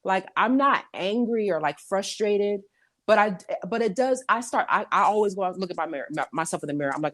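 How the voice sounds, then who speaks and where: Animated, laughing woman podcast guest. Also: medium pitch, fairly quick, no echo. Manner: animated, laughing, acts out quoted speech. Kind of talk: casual podcast chat.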